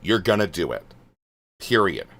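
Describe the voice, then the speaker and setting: A man's voice: sits low, very animated, moderate pace, vocal fry, fairly bright tone. A male streamer reading out his chat and answering it, exasperated and swearing, trailing off into muttered asides.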